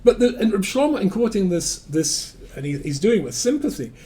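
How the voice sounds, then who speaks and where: A Scottish-accented rabbi lecturing a live audience, his fairly high voice leaping up and down with great animation. He tells anecdotes with self-deprecating humor, rising to loud emphasis and then dropping to quiet asides. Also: big pitch swings, brisk. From Scotland.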